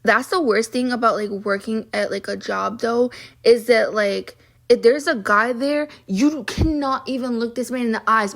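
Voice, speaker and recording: A woman's voice: on the high side, a bit bright. Fed-up young woman ranting casually. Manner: exasperated, fed-up, heavy use of "like". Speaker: vlogger. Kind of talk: casual storytime rant.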